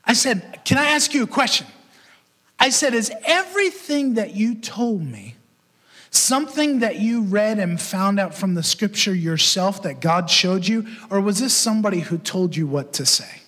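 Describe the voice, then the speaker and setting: A man preaching a sermon as pastor and podcast host, telling a story in an animated way and acting out the voices he quotes. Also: sits high, moderate pace, slightly rough. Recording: long hall reverb.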